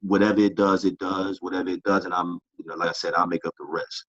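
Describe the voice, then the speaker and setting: A man's voice: low voice, fast talker, no echo, dull audio. A middle-aged man, a boxing club founder, talking casually as a tired interview guest and rambling through many fillers. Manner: relaxed, rambling with many "you know" fillers. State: tired, short on sleep.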